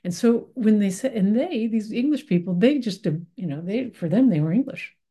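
A woman's voice: mid-range voice, lively intonation, normal speed, dark tone, breathy edge. An American woman, middle-aged, giving a reflective spiritual talk in a thoughtful, meandering way with many fillers and restarts. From United States.

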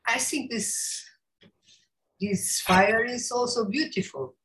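A woman sharing a reflection with a group, soft and halting. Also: a little high, rough recording. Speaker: group participant.

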